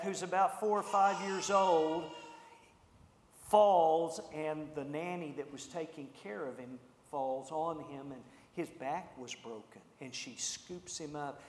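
Male preacher, a bit high-voiced, lively storyteller, big roomy hall sound. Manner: animated, acts out the characters' lines. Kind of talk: storytelling sermon. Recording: echoey hall with long reverb.

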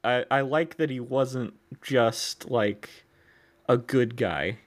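Slow, laid-back man chuckling along. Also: mid-range voice. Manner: laid-back, mostly brief agreement and laughter. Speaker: podcast co-host. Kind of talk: casual movie review chat.

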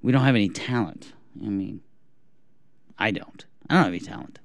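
A young man co-hosting a podcast, chatting casually in a rambling, self-deprecating way and clearing his throat often. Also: fairly low pitch, a little fast, no room sound, clean studio sound. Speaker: podcast co-host. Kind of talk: casual chat.

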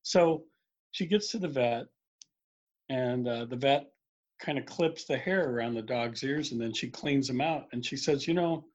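A man telling jokes in a relaxed, storytelling way, acting out the characters. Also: mid-range voice, a little slow. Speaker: joke teller. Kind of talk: casual joke telling. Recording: dull lo-fi sound.

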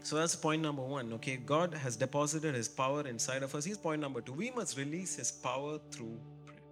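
A man's voice: on the high side, a little fast, fairly bright tone, faint music behind. A man preaching a sermon, building to emphatic repeated rhetorical questions and calling out to the congregation. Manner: calls out to the congregation. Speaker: pastor.

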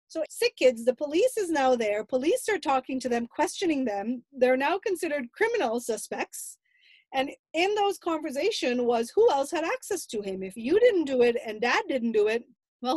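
A middle-aged grandmother giving an earnest, animated personal account in an interview. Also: high voice, dry recording.

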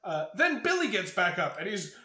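A man's voice: high voice, normal speed. A man co-hosting a podcast, swearing freely while he recaps a movie and acts out quotes. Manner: profane, animated retelling with acted-out quotes. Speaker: podcast co-host. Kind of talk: casual movie recap chat. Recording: roomy echo.

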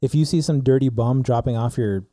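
Young guy telling a story, super mellow dark voice, acts out all the lines, dry close mic. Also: medium pitch, fairly quick, dry recording. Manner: animated storyteller, acts out dialogue with filler words. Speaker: podcast co-host telling a story. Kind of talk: casual storytelling chat.

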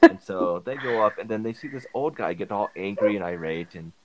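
An animated man with a fairly low voice whose pitch swings widely as he talks. He recaps a movie plot in casual podcast chat, full of "like" and "um". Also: fairly quick, a crowd in the background. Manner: animated plot retelling with frequent fillers. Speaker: podcast co-host.

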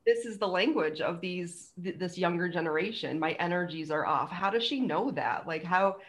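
Lively storytelling woman guest. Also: lowish voice, normal speed. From Western Massachusetts. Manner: animated storyteller, acts out quotes. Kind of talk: casual interview chat.

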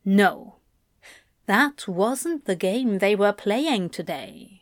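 A woman narrating an audiobook in an expressive, unhurried storytelling manner. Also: mid-range voice, no room sound, studio quality.

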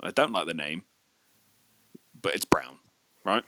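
A young man, telling a sweary, animated story in casual chat. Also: low-pitched, a little slow, dry recording.

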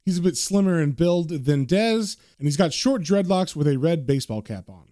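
A man's voice: fairly high pitch, expressive, normal speed, dark tone, no room sound. Chatty man narrating a comic, dry sound. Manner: chatty, conversational, with fillers. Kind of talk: casual comic recap narration.

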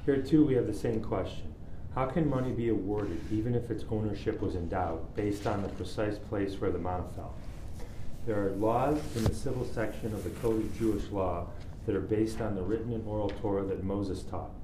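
A man's voice: fairly low pitch, fairly quick. A man reading a religious text aloud to a study class. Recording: echoey room with faint noise.

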